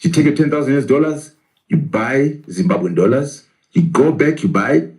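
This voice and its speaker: A man's voice: a little high, lively intonation, normal speed, darkish tone, low-quality recording. A man, a professor, arguing in a political interview, asking rhetorical questions and answering them himself.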